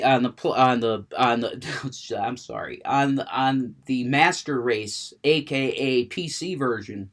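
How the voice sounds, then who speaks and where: A man's voice: mid-range voice, takes it slowly, few pauses, a bit bright. A man rambling about video games in a casual monologue, stammering, restarting sentences, cursing freely. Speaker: gaming vlogger.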